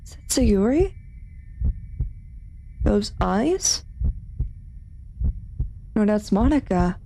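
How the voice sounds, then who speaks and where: A woman streamer giving excited commentary on a game, repeating herself as she points things out. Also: medium pitch, very slow, vocal fry, slight background noise.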